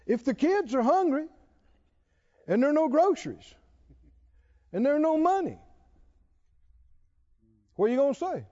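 Lively, emphatic preacher man. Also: extremely high pitch, a little slow, pauses often, highs cut off. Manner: preaching with emphatic rising exclamations and scripture quotes. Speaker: pastor. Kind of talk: sermon.

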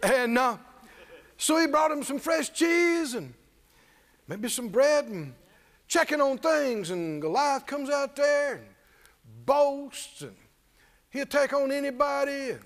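A man's voice: very high-pitched, big pitch swings, slow, long pauses, fairly bright tone. A man preacher delivering a sermon with call-and-response and humorous, folksy storytelling. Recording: reverberant church hall.

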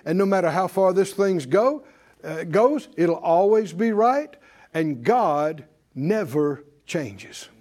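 Emphatic high-pitched preacher man. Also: lively intonation, slow pace, a little mellow. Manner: call-and-response preaching, emphatic repetition. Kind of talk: sermon. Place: church with congregation.

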